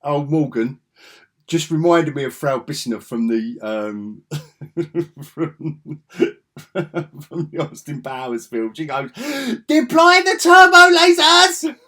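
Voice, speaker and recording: A man's voice: mid-range voice, slow, long pauses, darkish tone. A man giving a rambling, sarcastic spoken review, chuckling often as he retells scenes.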